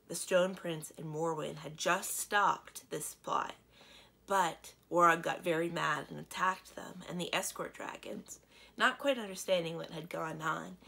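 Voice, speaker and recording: Librarian read-aloud, woman, low husky voice, gentle steady storytelling. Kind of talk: children's book read-aloud.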